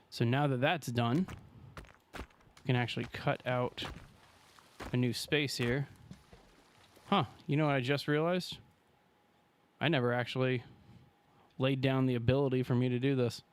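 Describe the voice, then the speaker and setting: Male streamer, mid-pitched, loose and chatty, talks to chat between gameplay moments. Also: fairly even intonation, a little slow, long pauses, slight background noise. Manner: chatty, thanks viewers and talks to chat while playing. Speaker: streamer playing a survival game. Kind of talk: casual live-stream commentary.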